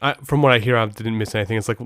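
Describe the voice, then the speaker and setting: Rambling, smooth-voiced podcast host, man. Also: fairly low pitch, steady tone, very fast, fairly bright tone, no echo, clean studio sound. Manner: rambling, anecdotal storytelling. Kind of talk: casual podcast chat.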